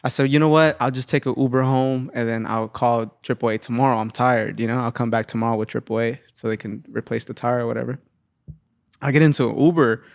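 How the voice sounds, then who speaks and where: A man's voice: medium pitch, fast talker, gravelly, dry recording, studio quality. A young man hosting a casual podcast interview, telling stories and acting out quotes with a raised voice. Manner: animated storyteller, acts out quotes in a raised voice. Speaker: podcast host. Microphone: studio microphone.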